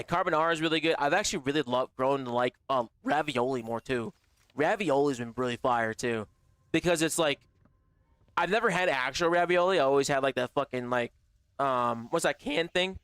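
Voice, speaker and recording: Male streamer, fairly high voice, casual profane banter, slightly strained. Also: moderate pace, fairly bright tone, clean tone, no echo. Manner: slangy and profane, calls chat bro and baby. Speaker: gaming livestreamer. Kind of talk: casual live-stream chat.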